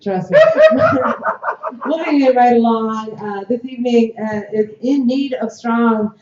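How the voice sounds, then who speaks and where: A woman hosting an open comedy stage, telling quick, chatty jokes and introducing the acts. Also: on the high side, reverberant, muffled recording, heavy background noise. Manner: quick chatty delivery, laughing between jokes. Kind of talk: stand-up comedy and compering. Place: small comedy club stage.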